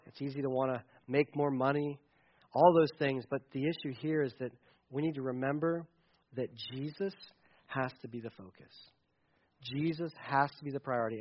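A man with a high voice preaches in a loose, conversational way and drifts into asides and jokes as he goes. The sound is slightly dull and lo-fi. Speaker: pastor. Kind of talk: sermon.

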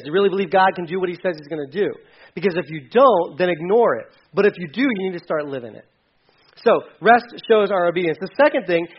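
Man pastor in his thirties, high voice, chatty preaching with loud peaks, dull lo-fi recording. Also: husky. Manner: conversational preaching with emphatic bursts. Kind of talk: sermon. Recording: dull lo-fi sound.

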